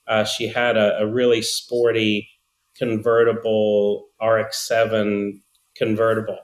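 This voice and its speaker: A man's voice: on the low side, monotone, measured pace. A man in his fifties from Australia who speaks with an American accent, telling easygoing, joking stories as a podcast guest. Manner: easygoing, joking, rambling anecdotes. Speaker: guest, golf coach. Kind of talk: casual interview storytelling. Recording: roomy echo.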